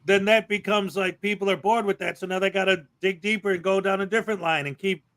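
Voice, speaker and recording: High-voiced, bright, ranting male host. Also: steady tone, fast talker. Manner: ranting, sarcastic, rambling. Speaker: livestream host. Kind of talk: casual commentary chat.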